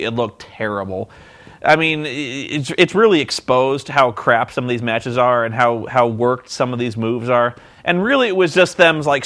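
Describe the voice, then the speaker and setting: A man's voice: medium pitch, a bit bright. A man giving a sarcastic, comedic recap of a wrestling show, often acting out the people in it with silly voices. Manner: sarcastic, mocking, acts out quotes in silly voices. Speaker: reviewer.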